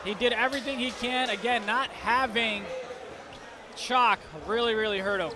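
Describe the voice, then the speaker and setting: Male color analyst, high-pitched, chatty and teasing, game noise clearly underneath. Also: fairly even intonation, moderate pace. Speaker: color commentator. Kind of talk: esports color commentary. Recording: game sounds and noise behind.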